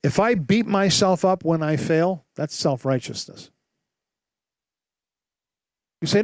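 A man preaching a sermon as pastor, telling stories with lively acted-out voices and asking rhetorical questions. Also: fairly high pitch, measured pace, long pauses, no echo. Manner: animated storytelling with rhetorical questions; acts out voices and sounds in his stories.

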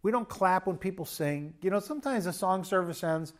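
A man's voice: sits high, animated, a little fast. A man preaching a sermon as pastor in a church, conversational and joking with emphatic bursts.

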